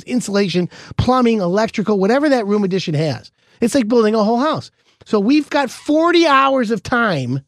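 Host, male, high and very lively delivery, dry close sound, storytelling chat. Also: no echo. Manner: animated, acts out quoted dialogue. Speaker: podcast host, home contractor.

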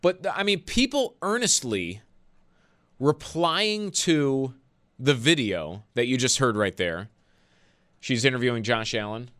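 A man's voice: medium pitch, lively intonation, unhurried, a bit bright. A man hosting a sports call-in radio show, ranting with exasperation and laughing.

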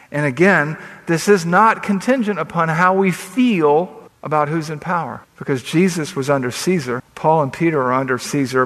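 A man's voice: fairly high pitch, a bit bright. A man preaching a sermon as pastor, emphatic and building up as he reads scripture aloud. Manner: emphatic, rising into scripture readings. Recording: long reverb of a large hall.

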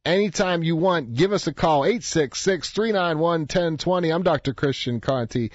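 A man's voice: fairly high pitch, normal speed, no echo. A man hosting a radio talk show, telling a story and acting out the voices of the people in it. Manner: conversational storytelling, acts out quoted voices. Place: radio studio. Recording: dry, slightly dull studio sound.

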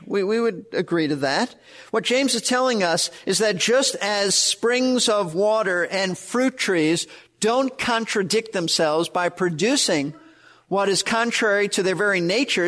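A man's voice: high voice, a bit bright. A man preaching a verse-by-verse sermon, earnest and emphatic, repeating key words. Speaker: pastor.

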